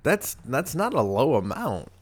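A man's voice: medium pitch, sing-song, measured pace, breathy edge. A young man from the US hosting a podcast, chatting casually and rambling with lots of fillers and restarts. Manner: loose, rambling, many "like"s and restarts. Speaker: podcast host. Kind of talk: casual chat.

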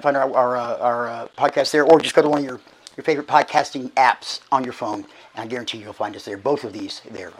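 A middle-aged man gives casual church announcements as archbishop, hoarse and short of breath, chatty and folksy with halting restarts. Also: mid-range voice, rough recording. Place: church sanctuary.

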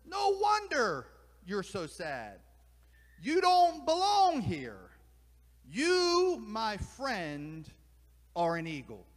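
A man's voice: extremely high pitch, wildly swooping pitch, drawn-out words, pauses often, a little mellow, exaggerated voice. A man voicing a wise male owl who counsels a lost eagle, urging him emphatically. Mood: urgent. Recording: long hall reverb.

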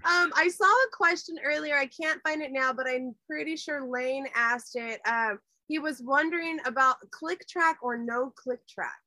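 A woman's voice: high-pitched, normal speed, few pauses, bright, forceful tone, dry recording. A woman from California hosting a casual livestream chat, enthusiastic as she reads out viewer questions. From Santa Cruz, California. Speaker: host.

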